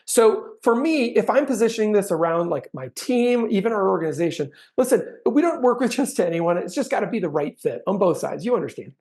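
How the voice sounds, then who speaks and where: A man's voice: sits high, expressive, fairly quick, few pauses, a little mellow. A middle-aged man teaching sales technique in a chatty training talk, acting out sample lines now and then.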